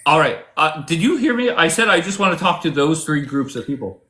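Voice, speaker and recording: A man's voice: a little high, big pitch swings, brisk, sharp tone. A man hosting a livestream debate, combative and mocking, often interrupting his callers.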